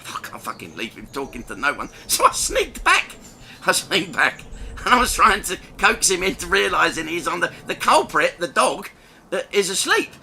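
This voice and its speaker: A middle-aged man from the south of England spins a crude, self-mocking yarn, his pitch leaping up and down as he goes. His tone is very bright and cutting. A faint hum of ambience sits behind him. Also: a little fast, creaky. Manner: crude, animated, self-mocking, laughs between lines. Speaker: comedian telling a story. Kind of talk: storytelling anecdote.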